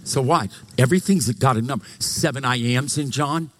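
A man from Louisiana, preaching a live sermon in an animated, joking way and often saying "get this". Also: medium pitch, moderate pace, hardly any pauses. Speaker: pastor. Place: church sanctuary, live.

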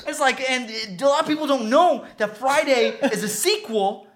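A young adult podcast host giving a rambling, slang-heavy comic recap of a film, talking in an excitable, loose way. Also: high-pitched, moderate pace. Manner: excitable, slangy, loose retelling full of restarts.

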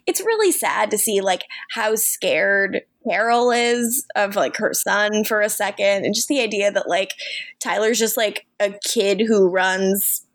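A woman's voice: medium pitch, measured pace, no room sound. A woman co-hosting a podcast, chatting casually and gushing about a TV episode, with lots of "like.". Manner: animated, gushing, heavy use of "like". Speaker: podcast co-host. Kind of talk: casual chat recapping a TV episode.

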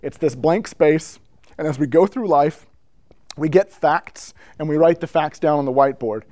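A man with a slightly raised pitch gives a relaxed teaching talk to a room of church musicians. He tells stories full of asides and builds toward the big moments. The sound is close and dry. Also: normal speed, no room sound. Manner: storytelling, frequent asides, builds up excitement. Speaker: speaker addressing church musicians. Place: indoor room with a whiteboard.

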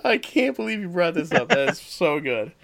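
A podcast co-host telling a lively family anecdote in casual chat, laughing often. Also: mid-range voice, normal speed, gravelly. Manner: animated storyteller, laughing, swooping voice.

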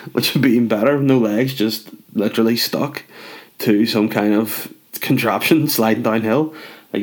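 A man's voice: fairly low pitch, measured pace, pauses often. A man delivering a rambling comic rant, sweary and sardonic with mumbled asides. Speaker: comedic monologue host.

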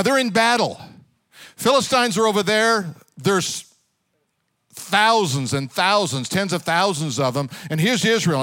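Brief: high-voiced male pastor, animated storyteller, dry close mic. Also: no room sound. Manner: animated storytelling, direct questions to the congregation. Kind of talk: sermon.

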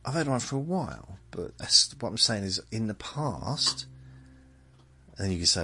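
A man in his seventies hosting a podcast, rambling in a meandering, self-mocking way, with drawn-out phrases. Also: on the low side, lively intonation, pushed and bright, slightly rough. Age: 70s. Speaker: podcast host. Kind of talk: rambling bedtime monologue.

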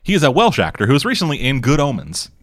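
A man chats loosely about a TV show, cursing freely as he wanders through tangents. His voice sits at a middle pitch and is recorded dry, with no room sound. He comes across as a podcast co-host mid-recap. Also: huge pitch swings, fast, dry recording. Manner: profane, rambling storyteller. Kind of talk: casual chat recapping a TV show.

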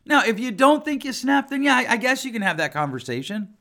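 A man in his forties, a family therapist who hosts a podcast, talks casually, bluntly and with emphasis. His voice is very high and sing-song, brisk and sharp in tone.

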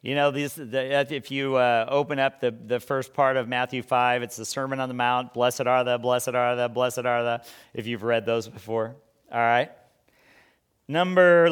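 A man's voice: mid-range voice, unhurried, fairly bright tone, clean tone. A man preaching a sermon in a conversational way, full of rhetorical questions and stumbling restarts.

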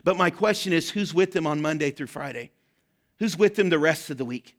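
A man preaching a sermon as pastor, impassioned and direct, rising to shouts at the peaks. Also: fairly high pitch, lively intonation, brisk.

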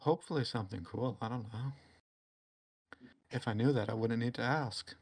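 A man's voice: mid-range voice, normal speed, darkish tone, breathy edge. Matter-of-fact man, podcast guest. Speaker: interview guest, story writer. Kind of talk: casual interview answers.

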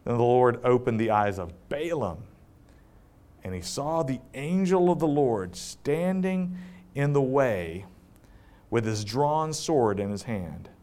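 A man with a darkish tone preaches a sermon, retelling scripture conversationally with joking asides and laughter, then drops low and slow whenever he reads the text.

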